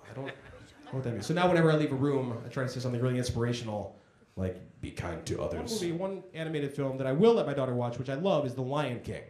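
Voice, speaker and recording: A man's voice: medium pitch, very fast, hardly any pauses, darkish tone. A man doing a stand-up comedy set on a club stage, talking in a conversational, self-deprecating way and acting out voices in his stories. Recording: echoey comedy club room.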